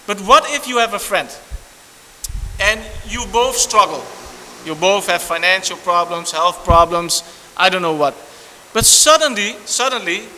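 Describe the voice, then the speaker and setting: Animated high-voiced preacher in a reverberant church. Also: male voice. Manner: animated, repetitive preaching with frequent restarts and asides. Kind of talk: sermon. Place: church hall. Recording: long church reverb, faint hiss.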